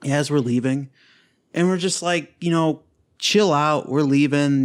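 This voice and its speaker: A man's voice: unhurried, smooth. A young man and podcast co-host telling a party story in casual chat, acting out quotes and swearing a lot. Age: young adult. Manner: animated storyteller, acts out quotes with big pitch jumps, swears a lot.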